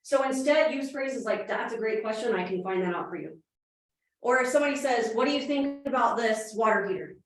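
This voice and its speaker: Fast-talking woman in an echoey room. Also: a little high, recorded from a distance. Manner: fast-talking, energetic, asks the room questions. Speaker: real estate trainer. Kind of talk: live training presentation. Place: meeting room with audience.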